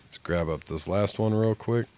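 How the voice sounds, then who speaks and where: This streamer has a fairly low, slightly mellow, clean voice at normal speed, though the flu leaves him stuffy and nasal. He jokes around and rambles while chatting casually during his gaming session.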